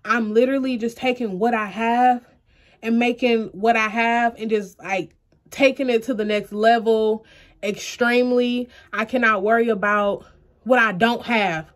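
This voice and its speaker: A young woman speaking earnestly into her camera, her fairly high voice close to tears as she talks directly to her viewers. She leans on faith and keeps herself pushing forward. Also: steady tone, unhurried. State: close to tears, eyes puffy. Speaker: vlogger. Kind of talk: emotional personal vlog to camera.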